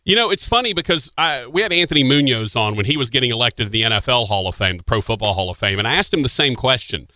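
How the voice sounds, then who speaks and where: A man hosting a radio talk show, asking lively questions with many restarts. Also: mid-range voice, fast talker, few pauses, dry recording. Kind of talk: radio interview. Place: radio studio.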